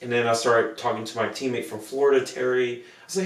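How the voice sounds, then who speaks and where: A man's voice: medium pitch, fairly even intonation, quick pace, recorded from a distance. A young adult man, a podcast co-host, telling earnest, rambling stories in casual chat and acting out the people he quotes. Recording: roomy, from off the mic.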